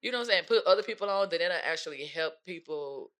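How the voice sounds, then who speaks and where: Young female co-host, relaxed and slangy, storytelling in a casual conversation. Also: on the low side, quick pace. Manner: laid-back slangy storytelling, mimics relatives. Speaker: podcast co-host, pole dancer. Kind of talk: casual chat.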